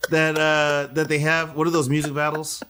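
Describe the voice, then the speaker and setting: A man's voice: a little high, completely flat delivery, normal speed, sharp tone, clear, resonant tone. A man co-hosting a podcast, chatting casually about a reality show, joking and laughing at his own bits. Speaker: podcast co-host. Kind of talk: casual reality TV recap chat.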